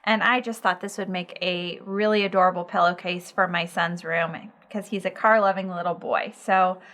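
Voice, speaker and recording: A woman's voice: mid-range voice, bright, forceful tone. Upbeat woman hosting a sewing lesson. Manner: upbeat, chatty, encouraging. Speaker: sewing instructor and show host. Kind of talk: friendly sewing tutorial.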